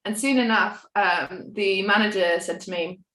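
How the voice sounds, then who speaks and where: A young woman talks as a podcast guest, candid and rambling, and she pokes fun at herself. She swears now and then in a casual way. Her voice sits at a middling pitch for a woman, and the room gives it a noticeable echo. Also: normal speed, a bit bright. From United Kingdom. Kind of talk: casual storytelling chat. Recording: roomy echo.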